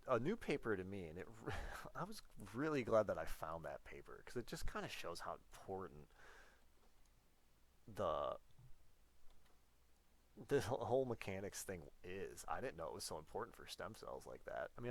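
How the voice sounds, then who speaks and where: A man giving a casual whiteboard biology lecture, playful and rambling, often correcting himself as he goes. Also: low voice.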